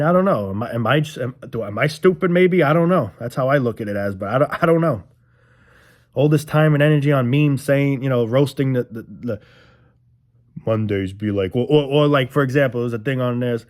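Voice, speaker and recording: A young man ranting casually to his viewers, frustrated and rambling, swearing often and repeating himself. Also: mid-range voice. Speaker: vlogger. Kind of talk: casual rant to camera.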